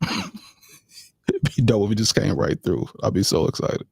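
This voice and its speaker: A man's voice: lowish voice, wildly swooping pitch, a little slow, gravelly, darkish tone, breathy edge, no echo. A man hosting a live podcast in a casual, chatty way, talking sports and often addressing listeners directly. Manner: laid-back, repeats phrases, addresses listeners as y'all. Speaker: podcast host.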